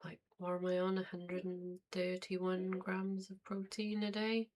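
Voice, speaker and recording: A woman hosting a reaction video, commenting on clips in an unhurried, dry way and thinking aloud. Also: fairly low pitch, completely flat delivery, a little mellow. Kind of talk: casual commentary over clips.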